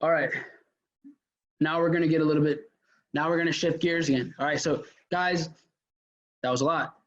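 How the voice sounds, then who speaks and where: A man's voice: on the high side, fairly even intonation, moderate pace, a bit bright. A man leading a casual sales workshop lecture, chatty and full of fillers and restarts. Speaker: mentor teaching a sales workshop. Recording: dull lo-fi audio.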